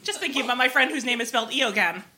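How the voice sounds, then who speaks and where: A woman's voice: on the high side, racing, background noise. A woman on a live comedy panel, telling stories and bursting into giggles. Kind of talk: comic storytelling on a live panel.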